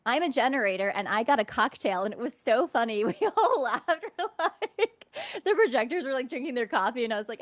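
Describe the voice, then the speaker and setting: A woman's voice: fairly high pitch, lively intonation, fairly quick. A woman hosting a casual interview, bubbly and enthusiastic, often affirming her guest. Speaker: interview host.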